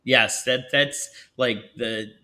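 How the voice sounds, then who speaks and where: A man from Buffalo, New York hosts a podcast with a bright, forward voice. His talk is loose and jokey, full of teasing and self-mockery. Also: medium pitch, steady tone, slow. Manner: joking, teasing, self-mocking. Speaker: podcast host. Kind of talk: casual chat.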